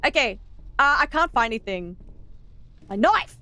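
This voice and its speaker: An Australian woman chatting through a game stream with a bright, ringing tone. Her pitch sits a little high and swings widely as she jokes with her viewers. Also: normal speed. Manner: animated and joking, laughs often. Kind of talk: casual gameplay chat.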